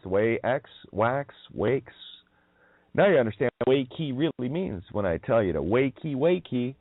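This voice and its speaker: Speaking at a moderate pace with a sing-song lilt and medium pitch, this male radio host wanders through a solo monologue. His talk is crude and derisive, full of laughter and wordplay on sounds. It's a dry recording with thin, telephone-like quality.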